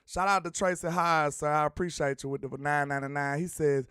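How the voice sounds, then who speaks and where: A man's voice: a little high, fairly quick, hardly any pauses, clean tone, no echo, studio quality. A man hosting a sports talk show, chatting casually and teasing viewers as he reads out their comments. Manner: animated, slangy, teasing the chat.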